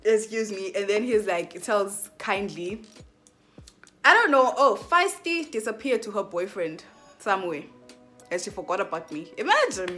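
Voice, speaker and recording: A young woman vlogger telling a casual storytime, chatty and animated, full of fillers and acted-out asides. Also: medium pitch, moderate pace, faint music behind.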